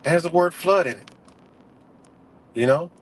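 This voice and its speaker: A man's voice: on the high side, moderate pace, slight background noise. A man hosting a casual livestream, ranting heatedly and profanely with lots of fillers and restarts. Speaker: livestream host.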